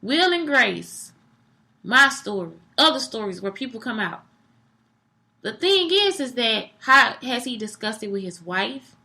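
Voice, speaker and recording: A young woman delivers a casual, blunt monologue, swearing freely and animated throughout. Her voice sits high and sounds bright and forward. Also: a little slow.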